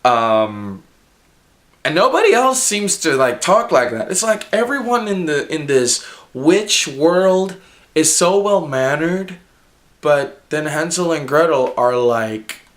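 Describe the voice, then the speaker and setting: Slow, loose male vlogger with a cold, rambling review full of fillers and giggles. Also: fairly high pitch, sing-song, fairly bright tone. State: sick. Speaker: movie reviewer. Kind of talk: casual vlog review.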